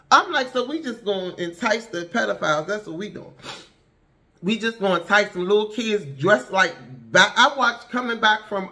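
A woman's voice: medium pitch, sharp tone. A woman vlogger giving a fired-up, blunt monologue full of rhetorical questions and slangy asides. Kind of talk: impassioned casual commentary monologue.

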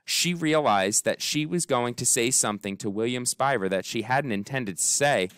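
A man reading a children's story aloud in an expressive, animated way, giving the characters voices. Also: medium pitch, moderate pace, clear, resonant tone, no echo. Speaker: audiobook narrator.

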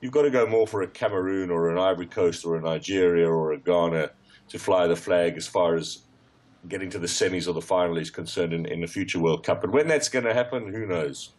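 A man's voice: deep voice, fairly quick, a little mellow. A man giving football opinions as a radio pundit, hesitant and full of fillers. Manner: hesitant, many fillers and restarts.

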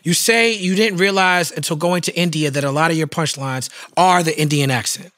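A man hosting a podcast, asking measured questions in a casual interview, with many short affirmations. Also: a little high, a bit bright, dry recording, clean studio sound. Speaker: podcast host.

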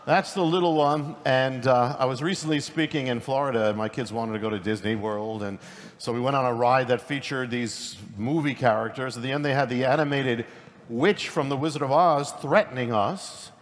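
A middle-aged man preaching at a conference in a quick, conversational way, often restarting his sentences. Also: medium pitch. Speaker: pastor and speaker. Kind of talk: conference sermon. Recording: long hall reverb, faint noise.

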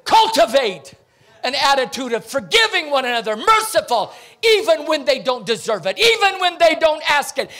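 A man preaching a Pentecostal sermon, theatrical and breaking into shouts. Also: very high-pitched, big pitch swings, normal speed, faint music behind.

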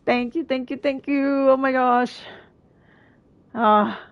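A woman streaming a video game, reacting excitedly to boss fights and chatting to her viewers. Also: high voice, slow pace, clean tone, dull audio. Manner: excitable, exclaims often, thanks viewers. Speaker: gaming streamer. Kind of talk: live gameplay commentary.

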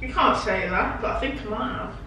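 A woman's voice: fairly high pitch, a little fast, bright, forceful tone, far from the mic. A woman giving short, frank opinions on the food in casual chat. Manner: brief, frank replies. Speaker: co-host partner. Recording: very echoey room, off mic, noise.

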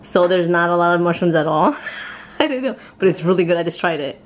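A young adult woman and family vlogger telling a story in a chatty, animated way, full of fillers. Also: on the low side, fairly quick, a little hiss or hum. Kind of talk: casual vlog chat.

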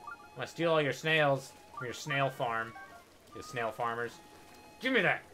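A man's voice: medium pitch, a little slow, bright, forceful tone, faint music behind. A young man giving casual, joking commentary over his game playthrough, sarcastic and profane. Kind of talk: casual let's-play commentary.

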